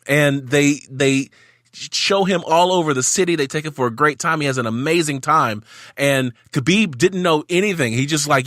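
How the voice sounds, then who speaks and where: A man's voice: on the high side, moderate pace, dry recording, studio quality. Jokey male sports podcast host. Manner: energetic, jokey, acts out quotes. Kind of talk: casual sports chat.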